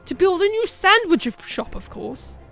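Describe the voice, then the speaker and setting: A woman's voice: very high voice, big pitch swings, normal speed, creaky, sharp tone, faint music behind, pitched above the performer's own voice, heavily acted. A woman playing a sneering alien schemer. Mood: scheming. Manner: sneering, boastful, cackling. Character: scheming male alien sandwich tycoon, boastful and sneering.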